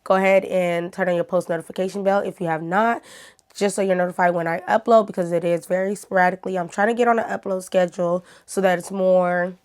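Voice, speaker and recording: A woman's voice: on the low side, fairly even intonation, fast talker, darkish tone, smooth. A woman YouTuber chatting casually to her viewers while telling a personal story. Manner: chatty, talks straight to viewers.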